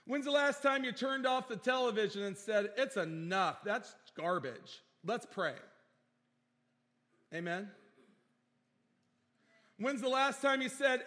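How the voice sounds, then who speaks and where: Pausing often and speaking slowly, a male preacher gives a heartfelt sermon, repeating phrases and calling for amens in a church sanctuary. He has a very high voice with lively intonation and a sharp tone. The church's long hall reverb colors the sound.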